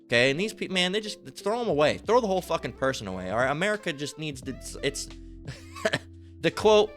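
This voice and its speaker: A man's voice: fairly high pitch, sing-song, brisk, a bit bright, faint music behind. A man preaching a fiery, profane sermon, reading scripture aloud and often breaking off with "all right?" asides. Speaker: street-style preacher.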